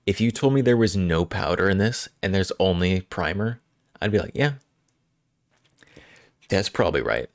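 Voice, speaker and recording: A man streaming live, chatting casually with frequent chuckles and halting restarts as he rambles. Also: low-pitched, no echo, clean studio sound.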